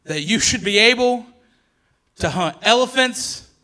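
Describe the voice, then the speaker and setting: A man voicing a wild, unhinged male documentary expert who shouts his opinions in drawn-out bursts. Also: high-pitched, animated, pitched above the performer's own voice, heavily acted. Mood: zealous.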